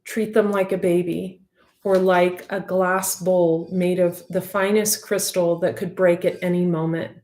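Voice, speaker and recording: A woman's voice: on the low side, little pitch movement, measured pace, darkish tone, roomy sound. A woman giving an intuitive tarot reading to her viewers, talking in a heartfelt, rambling way with many fillers. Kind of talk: casual spoken intuitive reading.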